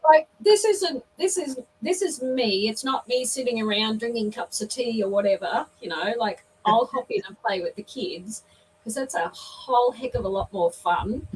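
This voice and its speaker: An older Australian woman telling a lively story in casual chat on a video call, laughing often. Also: on the high side, moderate pace. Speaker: guest. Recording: distant mic, faint background noise.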